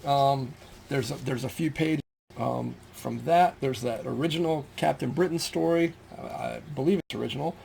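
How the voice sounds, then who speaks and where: A middle-aged man from the United States chats casually about his comic collection, showing off finds and rambling through ums and restarts. He speaks at a moderate pace in a medium-pitched, creaky, darkish voice, with slight background noise.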